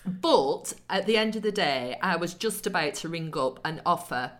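A woman with a fairly low voice tells her side of a story on a podcast. She is wry and measured and laughs easily. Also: lively intonation, fairly bright tone. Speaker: podcast co-host. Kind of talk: casual storytelling chat.

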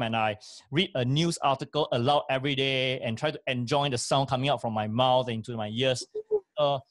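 This man is a voice and speaking coach on a talk show, giving emphatic, repetitive speaking advice full of fillers. His voice is mid-range, and the studio-quality sound has no echo.

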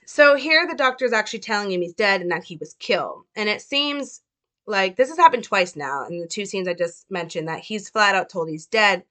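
A woman's voice: medium pitch, expressive, fairly quick, pushed and bright. A young woman talking casually as she analyzes a film, chatty and hedging. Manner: chatty, hedging, full of fillers. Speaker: film commentator.

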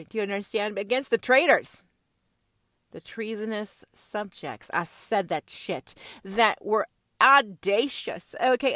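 A woman's voice: medium pitch, fairly bright tone, no room sound. Woman ranting on her podcast, cussing a lot, asking how dare they, dry mic. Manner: fiery, profane, rhetorical questions. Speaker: podcast host. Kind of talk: opinionated monologue.

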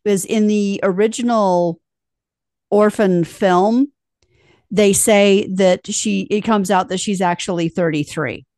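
A woman co-hosting a casual film chat, cutting in with quick corrections. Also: mid-range voice, darkish tone, no echo, studio quality. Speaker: podcast co-host. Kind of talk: casual movie recap chat.

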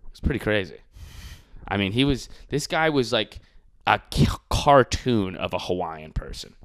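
A man's voice: fairly low pitch, very animated, normal speed, smooth. A man hosting a podcast in casual comedic chat, ranting sarcastically with crude jokes and lots of "dude". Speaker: podcast host.

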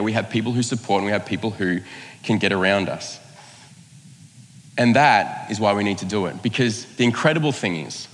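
A man's voice: mid-range voice, in a large hall. A man preaching a sermon, telling a personal story in a conversational, self-mocking way and acting out the lines of the people in it. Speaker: pastor.

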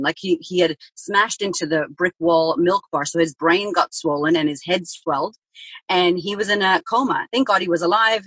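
A woman with a lowish, husky voice tells her story candidly as a podcast guest. She speaks frankly and vividly, swears now and then, and acts out the things she said at the time. The recording is close and dry. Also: fairly bright tone, no room sound, rough recording.

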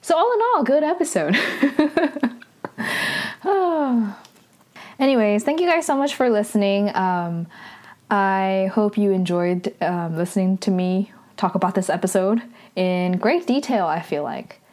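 A young woman talks through a drama episode on her podcast, animated and full of 'like' and 'um'. Her pitch sits in the middle for a woman. She jumps up in excitement at the surprises. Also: moderate pace. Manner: animated, filler-heavy, many 'like's. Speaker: podcast host. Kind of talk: casual episode recap.

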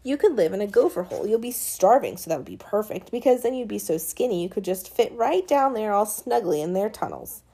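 A woman voicing a feisty, sharp-tongued young girl in an audiobook, taunting and scolding. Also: mid-range voice, sing-song, a little fast, hardly any pauses, breathy edge. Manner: taunting, scolding, sometimes yelling. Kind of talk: audiobook character reading.

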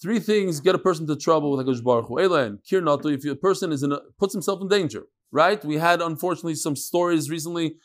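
A man teaching a lively Talmud class, joking with his students and mixing in Hebrew and Yiddish terms. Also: on the high side, fast, hardly any pauses.

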